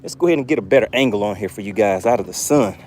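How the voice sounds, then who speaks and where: A man hosting a live fishing stream from a boat outdoors, excitably narrating his catch and reading chat aloud. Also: on the low side, rapid-fire, a little hiss or hum. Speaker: fishing livestream host.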